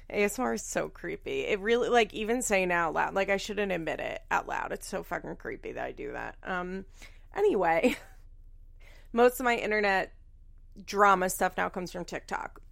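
A young woman talks through her solo podcast in a loose, rambling way. Her voice has a noticeable gravelly fry. She swears casually and jokes at her own expense. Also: medium pitch. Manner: chatty, rambling, swears casually, self-deprecating. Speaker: podcast host.

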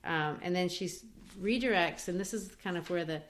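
A woman teaching literature in a lively way, discussing a play and acting out its quoted lines. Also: lowish voice, moderate pace. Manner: animated, acts out quoted lines.

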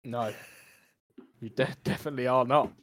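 Man reading aloud haltingly. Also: mid-range voice, fairly bright tone, no echo, studio quality. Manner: stumbles over the text while reading, laughing often. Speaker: podcast co-host reading the story. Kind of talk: casual chat, reading aloud.

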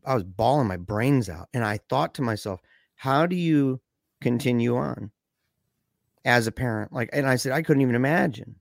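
A man chatting casually on a podcast, animated and quick to rise in pitch, dropping low and quiet for serious stories, with frequent stammers and restarts. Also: vocal fry, dry recording, studio quality. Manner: animated, pitch jumps up when excited, drops low and quiet for somber stories. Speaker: podcast co-host discussing a film. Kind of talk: casual conversational discussion.

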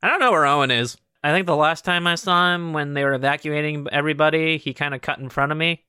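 A man's voice: a little high, fast talker, pushed and bright, clean tone, no room sound, studio quality. A man voicing a flustered, shy young woman who stammers nervously in an improvised tabletop role-play. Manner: nervous, stammering, self-conscious.

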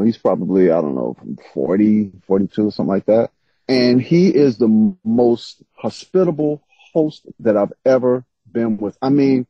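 A man's voice: mid-range voice, husky, no echo. A man, an author guest, telling stories in casual interview chat with frequent laughs. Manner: animated storytelling, laughs often. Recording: slightly dull lo-fi sound.

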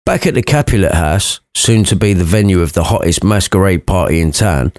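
A man's voice: sits low, lively intonation, fairly quick, darkish tone, no echo. Cheeky man telling a rude story. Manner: crude, cheeky asides. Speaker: narrator. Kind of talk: comic storytelling.

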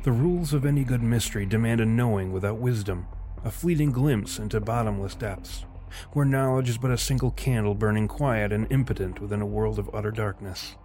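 Man, low voice, scripted story narration, measured, faint music. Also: dark tone. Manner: measured and literary.

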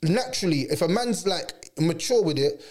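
Animated young man. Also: high voice, normal speed. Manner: animated, slang-heavy, acts out quotes in voices. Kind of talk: casual chat.

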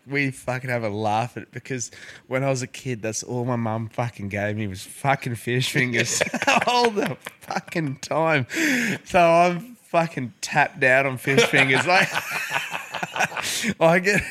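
A man's voice: medium pitch, unhurried. A young Australian man, married, chatting casually as a podcast host, swearing often and laughing through his stories. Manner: swears a lot, laughs often, lively storytelling. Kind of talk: casual chat.

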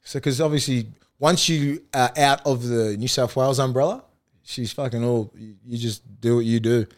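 A man's voice: medium pitch, fairly even intonation, moderate pace. A man with an Australian accent, a former rugby league player, telling rambling, profane anecdotes with frequent laughter in a casual podcast chat.

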